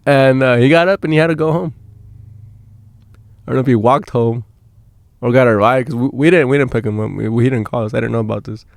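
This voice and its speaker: Male podcast host, mid-pitched, casual and profane, recorded dry in a van. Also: fast, creaky, pauses often, no echo. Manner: rambling, swears a lot, many restarts. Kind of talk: casual storytelling. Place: inside a van.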